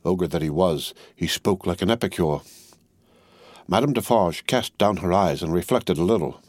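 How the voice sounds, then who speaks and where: A man narrating a classic novel as an audiobook in a measured, even reading style. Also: sits low, no echo. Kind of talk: scripted narration.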